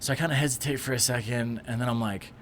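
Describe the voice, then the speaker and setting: A man and actor, a podcast guest, telling an animated story in casual chat and acting out what people said. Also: medium pitch, quick pace, slight background noise. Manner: animated anecdote-telling, acts out quotes.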